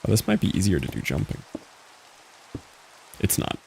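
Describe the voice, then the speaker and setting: A man's voice: low voice, huge pitch swings, moderate pace, gravelly, a little mellow, a little hiss or hum. A man streaming a game, chatting casually with viewers and answering their messages as he plays. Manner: chatty, answers chat, thinks aloud. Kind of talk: casual live-stream chat while gaming.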